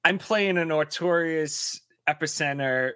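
A man talking casually as a guest horse racing handicapper, chatty with quick asides and jokes. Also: on the high side, pushed and bright, clean tone, dry recording, studio quality. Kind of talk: casual podcast chat.

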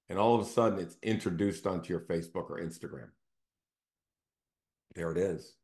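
A man's voice: sits low, expressive, normal speed. A man hosting his own show, talking in a casual, conversational storytelling way and often checking in with his listeners. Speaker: real estate team CEO hosting a show.

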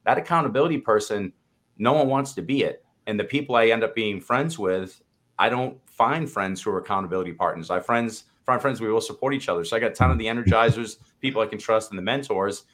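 A man's voice: lowish voice, fast talker, a bit bright. A man co-hosting a podcast, speaking in a candid, reflective way that rambles and restarts. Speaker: podcast co-host. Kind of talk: casual conversation.

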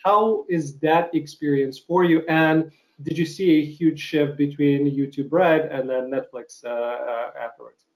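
A middle-aged man hosting an interview show, friendly and halting with lots of fillers. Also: fairly high pitch, steady tone, darkish tone, rough recording. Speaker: show host. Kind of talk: casual interview chat.

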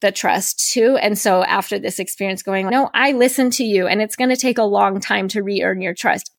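A woman in her thirties hosts a podcast and shares a candid personal story. Her middle-range voice has a gravelly edge, and she sounds earnest and animated as she acts out her inner voices. The recording is dry and close. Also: medium pitch, no echo. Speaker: podcast host.

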